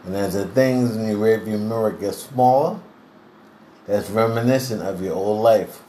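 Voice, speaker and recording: A man giving a devotional sermon in an earnest, deliberate preaching manner, clearing his throat now and then. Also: fairly low pitch, warm tone. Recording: roomy echo, faint background hiss.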